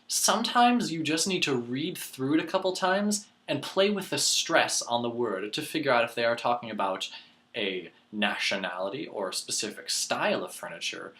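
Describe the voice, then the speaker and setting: A man teaching a lesson, explaining words clearly and deliberately, slowing down to spell them out letter by letter. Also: fairly low pitch, bright, forceful tone. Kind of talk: teaching demonstration.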